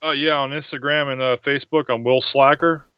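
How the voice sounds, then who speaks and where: A man who is a podcast guest and tells an anecdote in a lively, casual way. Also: mid-range voice, a little fast, clear, resonant tone, dry recording, lo-fi sound. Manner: animated anecdote telling. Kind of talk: casual storytelling chat. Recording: crowd chatter behind.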